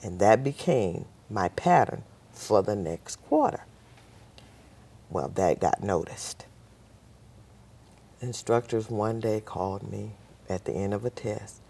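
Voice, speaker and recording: A woman with an unusually deep voice tells her story as a talk show guest. Her voice has a gravelly, creaky edge. She tells it in a lively way and acts out the people in her story. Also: slow pace, pauses often. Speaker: nurse. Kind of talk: personal storytelling.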